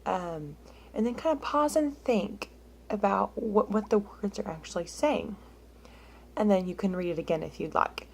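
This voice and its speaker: Woman in her thirties, casual teacher, mid pitch, lots of ums, okay-checks. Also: animated, vocal fry, a little hiss or hum. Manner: chatty, many "um"s and "okay?" check-ins; slows down and drops to a whisper when reading scripture aloud. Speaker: music teacher. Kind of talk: casual instructional talk.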